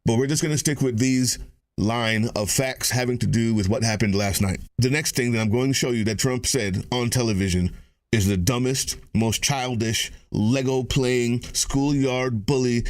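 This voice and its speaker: Measured, scornful male commentator, dry sound. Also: medium pitch, dry recording. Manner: measured, scornful, deliberate emphasis. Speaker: political commentator. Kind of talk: political commentary monologue.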